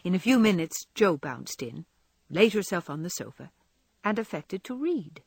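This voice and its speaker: A woman narrates a classic storybook with an expressive, lively delivery. Her voice is slightly husky and the recording is close and dry. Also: fairly low pitch, moderate pace, no echo. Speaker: audiobook narrator.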